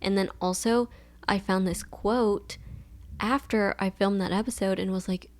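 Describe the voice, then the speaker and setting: A young woman hosting a solo podcast, telling a story in a chill, fairly monotone way, with lots of filler words. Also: medium pitch, measured pace, long pauses. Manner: chill, laid-back, monotone delivery; rambling with many fillers like "like". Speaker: podcast host.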